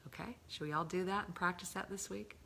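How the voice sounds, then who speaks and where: A middle-aged woman giving a calm coaching talk, often slipping into a breathy whisper and stretching key words slowly. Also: fairly low pitch, slight background noise. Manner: slow, drawn-out emphasis on key words. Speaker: love coach.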